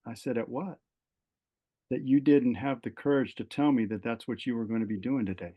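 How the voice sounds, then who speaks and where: A man's voice: mid-range voice, fairly quick, highs cut off. A middle-aged man, a retired fire captain, telling a personal story as a podcast guest, acting out the dialogue with many fillers and restarts. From California. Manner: animated storyteller, voices quoted dialogue, frequent fillers and restarts.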